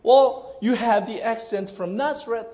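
A male pastor with a notably high voice delivers a sermon to his congregation. He speaks slowly and with earnest emphasis, often breaking off mid-phrase to restart. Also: dark tone.

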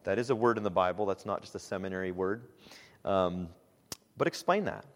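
Male pastor, lower voice, casual teaching talk, reverberant church hall sound. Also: a little fast. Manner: relaxed and conversational, with frequent "um"s and animated quoted asides.

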